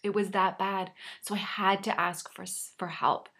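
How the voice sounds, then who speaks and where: A woman's voice: mid-range voice, flat delivery, moderate pace, a bit bright, husky. A woman coach sharing a personal story in an earnest, reflective way, with a slight frog in her throat. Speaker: life coach.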